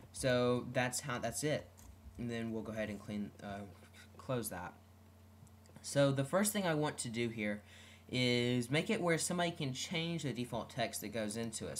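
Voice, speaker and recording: Man explaining code, halting and casual. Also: mid-range voice, slight background noise. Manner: unscripted, talks through each step, frequent ums and self-corrections. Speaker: web development tutorial host. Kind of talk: screen-recorded coding tutorial.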